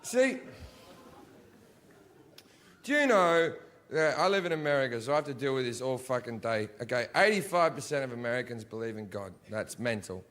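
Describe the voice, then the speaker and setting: A man doing crude, profane stand-up comedy on stage, ranting and often rising into shouts. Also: mid-range voice, animated, normal speed, long pauses. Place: theater stage before a live audience.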